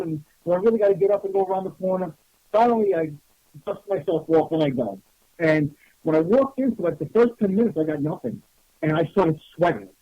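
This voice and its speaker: A man telling a personal story on a radio talk show, animated and rambling, with frequent restarts. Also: on the high side, husky, no echo. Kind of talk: casual storytelling. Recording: dull lo-fi radio audio.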